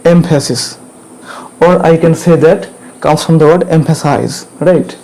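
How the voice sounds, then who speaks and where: Man teaching grammar, dark mellow voice. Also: fairly high pitch, fairly even intonation, measured pace, a little hiss or hum, rough recording. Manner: repetitive, drills points again and again with checking questions. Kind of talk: classroom grammar lesson.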